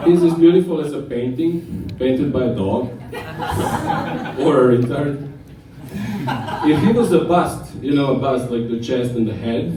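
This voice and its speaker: Slow-talking man roasting a friend on stage. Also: mid-range voice, slight background noise. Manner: crude, deadpan insult jokes. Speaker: roast comedian. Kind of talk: stand-up roast set. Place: bar stage with a laughing crowd. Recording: echoey room, mic heard from far.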